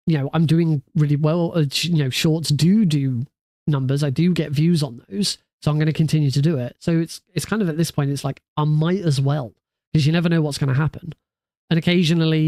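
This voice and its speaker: Rambling man, somewhat high voice. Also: a little mellow, dry recording, studio quality. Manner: rambling, loose and self-correcting. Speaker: streamer. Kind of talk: casual livestream chat. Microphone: studio mic through a mixing desk.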